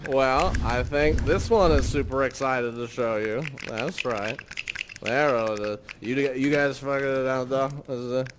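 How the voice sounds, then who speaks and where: A hungover man chatting casually with friends in a rambling, drawn-out way, full of sighs and oh's. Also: medium pitch, a little hiss or hum. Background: music.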